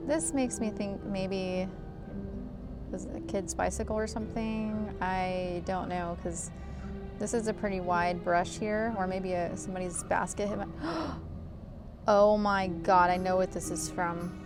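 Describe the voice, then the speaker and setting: A woman's voice: fairly low pitch, steady tone, normal speed, loud music behind the voice. A woman, vlogging casually and with exasperation outdoors beside her car. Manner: chatty, exasperated. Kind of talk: casual vlog.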